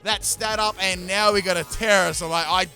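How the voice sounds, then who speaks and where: A man's voice: high voice, steady tone, normal speed, sharp tone, soft background music. A young man hosting a gaming channel, giving chatty, joking commentary over his battles. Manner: chatty, joking, self-mocking asides. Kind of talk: casual game commentary voice-over.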